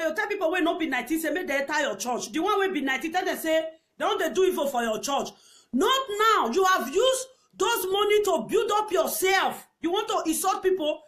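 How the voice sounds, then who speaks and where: A woman with a Nigerian accent ranting in angry commentary, scolding and repeating herself, with sudden shouts and laughs. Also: extremely high pitch.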